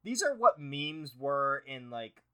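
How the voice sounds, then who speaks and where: A man's voice: medium pitch, sing-song, slow, a bit bright, clean tone. A man hosting a solo podcast, reading aloud and reacting with sarcastic, profane, mock-outraged commentary. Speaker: podcast host.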